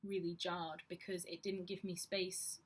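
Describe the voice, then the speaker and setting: Frank woman vlogger, slightly breathy, lower register, reflective delivery. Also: little pitch movement, a little slow. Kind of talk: candid personal vlog talk.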